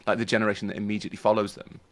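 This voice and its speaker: A man's voice: on the low side, little pitch movement, very fast. A man in a casual panel chat, thinking aloud with many restarts. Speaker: podcast panelist.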